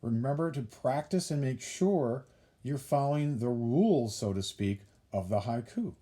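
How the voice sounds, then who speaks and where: A man's voice: mid-range voice, expressive, measured pace, mellow. A man teaching a class, explaining step by step in a patient way and counting things out as he repeats the key points. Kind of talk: classroom instruction video.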